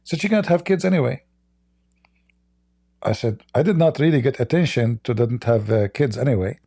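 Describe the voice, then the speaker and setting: Man, mellow voice. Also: medium pitch, normal speed, creaky. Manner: rambling anecdotes with frequent fillers and laughter. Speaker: livestream host. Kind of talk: casual storytelling on a livestream.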